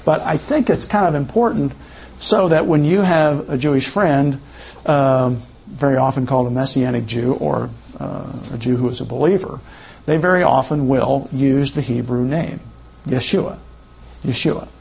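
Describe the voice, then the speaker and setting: A man teaching a Bible study lesson in an unhurried, explanatory way, correcting himself as he goes. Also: medium pitch, vocal fry, a little mellow, breathy edge.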